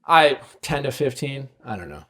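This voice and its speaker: A man's voice: mid-range voice, very animated, normal speed, fairly bright tone. A man hosting a podcast, casually telling a long personal story, full of fillers and tag questions. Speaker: podcast host.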